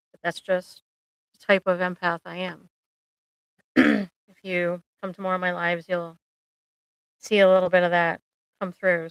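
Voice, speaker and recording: A woman's voice: lowish voice, vocal fry, clear, resonant tone, dry recording, low-quality recording. A middle-aged woman therapist chatting casually on a live stream, rambling and joking with lots of ums.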